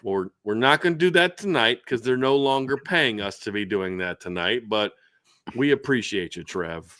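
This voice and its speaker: A man's voice: mid-range voice, lively intonation, moderate pace, a bit bright, no room sound, studio quality. A man hosting a late-night post-game sports show, talking casually and animatedly, often repeating words as he starts a sentence. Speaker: podcast host.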